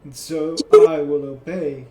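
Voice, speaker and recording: A man voicing a calm, coldly devoted aged archon figure in a tabletop game, speaking in measured proclamations. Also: on the high side, roomy sound, heavy background noise, natural voice. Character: aged male archon, cold and dragon-devoted.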